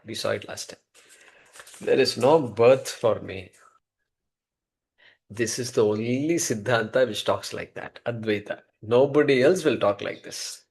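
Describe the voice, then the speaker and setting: A man's voice: medium pitch, measured pace, vocal fry, long pauses, a little mellow. A man teaching a scripture class, conversational and repeating key terms as he explains. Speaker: Vedanta teacher.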